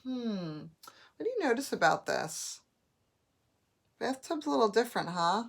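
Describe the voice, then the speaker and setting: Slow, patient woman teaching phonics. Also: on the high side, sing-song, creaky. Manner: slow, patient, drawn-out modeling of words. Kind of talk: phonics lesson.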